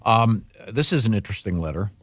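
A man's voice: on the low side, animated, a little fast, dry recording. A middle-aged man hosting a radio show, talking in a rambling, laid-back way. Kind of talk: casual radio talk.

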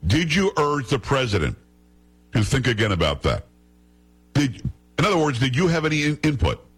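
A male host delivers indignant commentary, firing off sarcastic rhetorical questions. His voice is husky at a middle pitch, with a rough edge throughout. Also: big pitch swings, moderate pace, faint music behind. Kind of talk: political commentary.

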